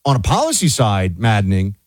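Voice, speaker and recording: A man's voice: lowish voice, wildly swooping pitch, a little fast, no room sound. A male talk radio co-host, reading diary entries and ranting with rising indignation. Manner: indignant, voice rising to near-shouting.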